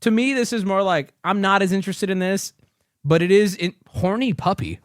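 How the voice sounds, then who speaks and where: A man's voice: high-pitched, moderate pace, no room sound, studio quality. A male streamer doing profane reaction commentary, ranting in disbelief. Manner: incredulous ranting, swings up loud.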